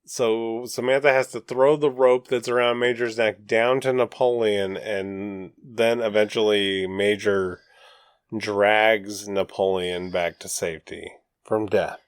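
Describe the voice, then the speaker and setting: A man's voice: lowish voice, steady tone, slow, clear, resonant tone, dry recording, clean studio sound. A man co-hosting a podcast, casually recapping a film plot step by step and laughing easily. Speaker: podcast co-host. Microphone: studio microphone.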